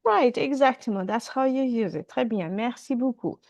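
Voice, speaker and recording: A woman's voice: on the high side, normal speed, darkish tone, dry recording. A woman teaching French in an online class over a video call, repeating phrases and switching between French and English.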